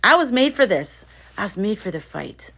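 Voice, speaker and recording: A woman's voice: medium pitch, very animated, normal speed, gravelly, pushed and bright. A woman hosting a casual livestream, chatting and reading viewer comments in an emphatic way, often repeating herself. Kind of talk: casual live chat.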